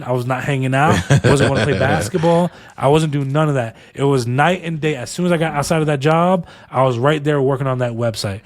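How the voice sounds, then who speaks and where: A man's voice: medium pitch, dry recording. A tired man co-hosting a podcast, telling stories casually and with emphatic, motivational repetition. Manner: animated, acts out dialogue in stories. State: tired after back-to-back recording. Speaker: podcast co-host. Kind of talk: casual storytelling.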